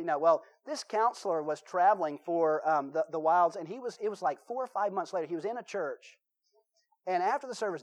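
Folksy Southern preacher man. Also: high-pitched. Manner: folksy storytelling, acts out voices in his stories. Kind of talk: sermon with anecdotes.

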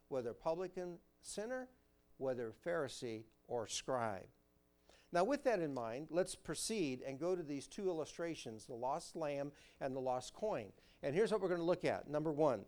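A man preaching a sermon as pastor, swinging between emphatic raised lines and quiet low ones, reading scripture aloud. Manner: preacher's cadence, rising emphatic and dropping quiet, quotes scripture.

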